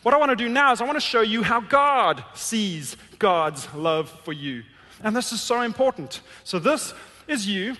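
A man preaching a sermon, emphatic, swinging from loud, raised lines down to hushed, quiet ones. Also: high voice, lively intonation, moderate pace. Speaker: pastor. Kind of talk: sermon with object lesson. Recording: long hall reverb.

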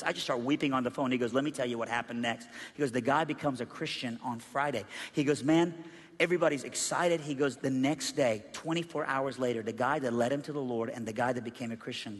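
A man preaching a sermon, telling a story with lively, animated delivery and acting out the voices of the people in it. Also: medium pitch, slightly rough. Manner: animated, acts out quoted voices, rises to loud excited peaks. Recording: long reverb of a large hall.

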